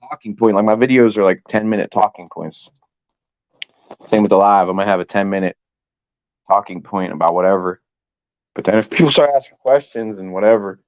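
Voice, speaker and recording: A rambling, profane man, talking to his livestream chat in a lowish voice and coughing now and then. The sound is dull and completely dry, close to a cheap home mic. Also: dry recording. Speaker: sports fan livestream host.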